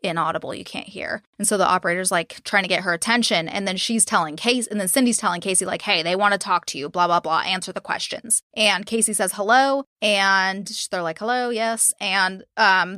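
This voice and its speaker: A woman's voice: medium pitch, fairly quick, few pauses, sharp tone, no echo, clean studio sound. A young woman hosting a true crime podcast, retelling a case in casual talk, swearing freely and acting out quotes. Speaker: podcast host.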